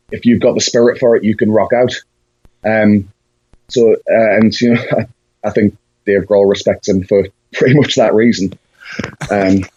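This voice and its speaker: A husky, breathy man with a lowish voice, answering interview questions as a musician. He talks reflectively, pausing on fillers and restarting his thoughts. The sound is dry and dull, like a lo-fi recording. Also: a little mellow, no room sound. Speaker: musician guest.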